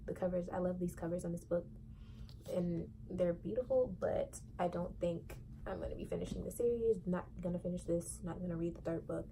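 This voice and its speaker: Young woman, casual book chat, candid, warm low tone. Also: fairly quick, gravelly, slight background noise, rough recording. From Southern United States. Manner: chatty, candid, expressive. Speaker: book vlogger.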